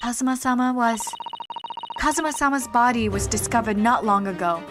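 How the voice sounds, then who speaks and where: An earnest young female assistant from a courtroom game, read by a woman, with a raised, tense voice full of accusation. Her voice sits on the high side. Loud game music runs under every line. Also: steady tone, fairly quick, close to an everyday voice. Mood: accusing.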